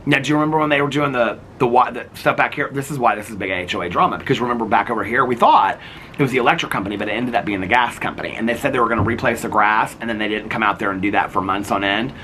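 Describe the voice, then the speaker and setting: A man vlogging outdoors in his neighborhood with a handheld camera, telling animated, gossipy stories and laughing often. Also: medium pitch, very fast, a little hiss or hum. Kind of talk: casual outdoor vlog chat.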